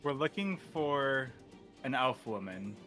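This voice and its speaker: Player, man, bright forceful tone, matter-of-fact, terse over a call. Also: medium pitch, animated, slow pace, faint music behind. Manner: brief, matter-of-fact declarations of action. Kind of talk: playing a tabletop game. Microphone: video call.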